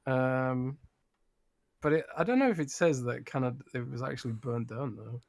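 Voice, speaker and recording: A man's voice: mid-range voice, moderate pace, gravelly, no echo. A British man co-hosting a gaming podcast, chatting casually in a playful, teasing way. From United Kingdom. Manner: playful, teasing, laughs often. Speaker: podcast co-host.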